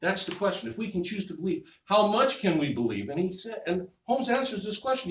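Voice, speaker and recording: A male minister preaches in a chatty, relaxed style, repeating his phrases and asking "okay?" as he goes. His voice sits a little high and sounds far from the mic, in a reverberant church hall with a faint hiss. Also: brisk, hardly any pauses. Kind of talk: sermon. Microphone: distant room mic. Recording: echoey hall, distant mic, faint noise.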